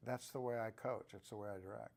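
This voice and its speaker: A man in his sixties, an actor, answering interview questions in a relaxed, reflective way with frequent restarts. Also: lowish voice, fast talker, creaky, slight background noise. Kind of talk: press junket interview.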